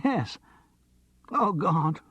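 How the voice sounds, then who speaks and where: A man putting on a theatrical, high-voiced actor. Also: big pitch swings, extremely slow, a bit bright, slightly rough, dry recording, dull audio, full character voice. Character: theatrical, nervous young male actor.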